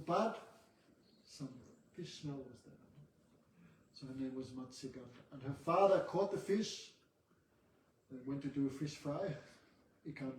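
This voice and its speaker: A man retells a scripture story to a class, breaking off to quiz and tease his students. His voice sits a bit high, and the mic picks him up from a distance in a roomy, echoing space with faint noise. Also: darkish tone. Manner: chatty, joking asides to students. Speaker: teacher of a religious class.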